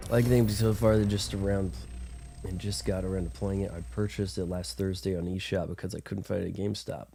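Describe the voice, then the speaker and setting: A man's voice: sits low, flat delivery, fairly quick, gravelly, dark tone, slightly rough. A man with a congested, sick-sounding voice, chatting casually as he plays and streams a game. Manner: rambling, chatty, self-deprecating. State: congested from illness. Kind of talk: casual gameplay commentary.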